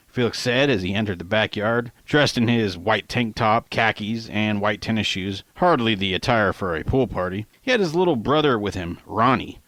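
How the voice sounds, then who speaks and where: A man's voice: on the low side, a bit bright, dry recording. A man reading his own novel aloud as an audiobook, in a casual, conversational manner with slang. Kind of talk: audiobook narration.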